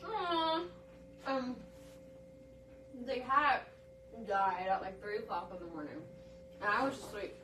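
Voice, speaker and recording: High-voiced young woman telling a rambling story. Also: slow, pauses often, recorded from a distance, a little hiss or hum, rough recording. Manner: rambling, laughing through an anecdote, animated quoted voices. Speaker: livestream guest. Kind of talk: casual storytelling on a livestream.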